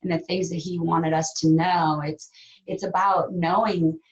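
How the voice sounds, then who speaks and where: A woman's voice: on the low side, little pitch movement. Heartfelt woman on dull lo-fi audio. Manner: heartfelt, reflective, with fillers and pauses. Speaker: actress guest. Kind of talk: interview conversation.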